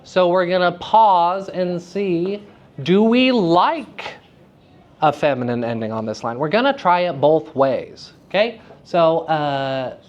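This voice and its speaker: A man teaching verse speaking to high school students in a live lecture, with a playful and teasing manner. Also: animated, takes it slowly, highs cut off. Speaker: drama teacher giving a lecture. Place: school room at a theater festival.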